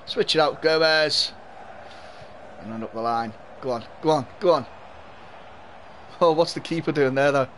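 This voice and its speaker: A young man with a mild Liverpool accent and a slightly high voice talks casually to his viewers while playing. He laughs a lot and cheers on his team. A faint hiss sits under the recording. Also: moderate pace, long pauses, a bit bright. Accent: Liverpool Scouse, mild. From Liverpool, England. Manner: chatty, laughs often, cheers at the game. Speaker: gaming streamer. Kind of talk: live gameplay commentary and chat with viewers.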